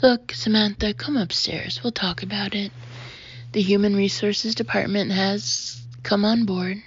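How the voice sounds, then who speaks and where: A pushy male colleague pleads and presses in an audiobook scene, as a woman reads him out. The voice is husky and insistent, and the audio sounds muffled and dull. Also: medium pitch, fairly even intonation, unhurried. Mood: urgent pleading. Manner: urgent, pressing. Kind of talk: audiobook character reading.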